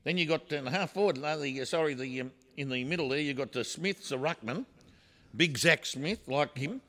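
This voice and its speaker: A man's voice: on the high side, fairly quick, a bit bright. A man with an Australian accent, co-hosting a sports talk show, rambling through confident footy predictions with plenty of fillers. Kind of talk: casual sports chat.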